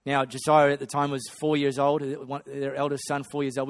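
A man preaching a sermon, swinging between loud excitement and hushed storytelling. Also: medium pitch, fairly quick, hardly any pauses. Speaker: pastor.

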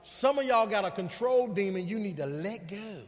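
High-voiced preacher in a reverberant hall. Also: male voice, lively intonation, moderate pace. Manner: emphatic preaching with repetition and call-outs to the congregation. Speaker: pastor. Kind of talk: sermon. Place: church sanctuary. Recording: long reverb of a large hall.

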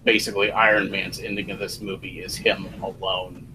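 A man with a lowish voice chats in an animated, loose way, cursing freely and laughing at his own reactions. A clear steady noise sits under the recording. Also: normal speed. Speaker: podcast co-host. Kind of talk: casual chat.

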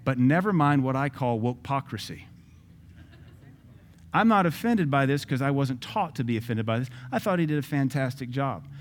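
A man's voice: mid-range voice, expressive, moderate pace, a little hiss or hum. A man with an ordinary mid-range voice delivers social commentary from a Christian standpoint. He talks emphatically, stacking rhetorical questions and repeating phrases for effect.

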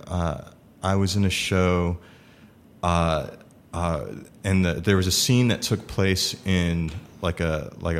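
A man chatting casually about improv, talking haltingly with many fillers and restarts. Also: deep voice, slight background noise. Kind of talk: casual chat.

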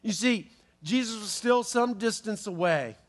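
A man preaching a sermon, telling a Bible story with playful asides and quick restarts. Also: sits high, expressive. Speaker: pastor.

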